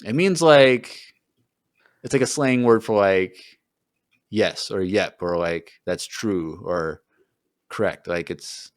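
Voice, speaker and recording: A man's voice: lowish voice, slow, long pauses, no room sound, clean studio sound. A man co-hosting a podcast, chatting casually and self-deprecatingly with plenty of fillers. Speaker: podcast co-host.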